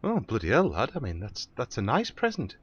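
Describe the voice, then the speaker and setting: A man voicing a blunt middle-aged Northern English woman in a comedy sketch, deadpan and quick, with a Northern English accent. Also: mid-range voice, slightly rough. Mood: nosy. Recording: dull lo-fi recording.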